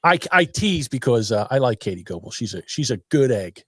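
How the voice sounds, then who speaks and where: Animated older man teasing on a dry mic. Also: mid-range voice, fairly quick, slightly rough, dry recording. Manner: animated, teasing, does mocking voices. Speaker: podcast co-host. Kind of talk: crude casual political banter.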